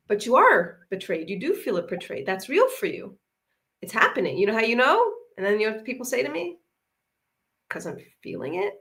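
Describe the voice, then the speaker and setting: A woman's voice: fairly high pitch, fairly bright tone. An earnest woman speaks as a parenting coach over a video call. She builds her points through short, repeated affirmations. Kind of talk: conversational discussion.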